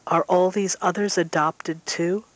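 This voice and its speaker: A woman's voice: on the low side, steady tone, a little slow, no echo. A woman reading as a murmuring, irritable old mother. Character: dying elderly mother, irritable, fixated on money.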